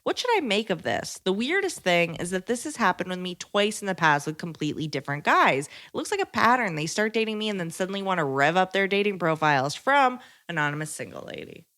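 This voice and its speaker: A woman's voice: fairly low pitch, sing-song, quick pace, few pauses, a bit bright. Woman co-host reading listener letters. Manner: reads letters evenly, short agreeing replies. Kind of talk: reading letters aloud, casual chat.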